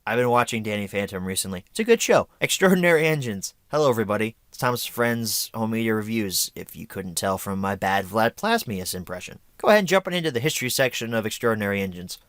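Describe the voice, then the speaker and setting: A man hosts a review vlog in a casual, opinionated, chatty way, poking fun at himself. His pitch moves around a lot, and the recording sounds dry and close. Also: lively intonation, fast, few pauses, a bit bright, no room sound. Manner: chatty, opinionated, self-deprecating. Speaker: host of a home media review show.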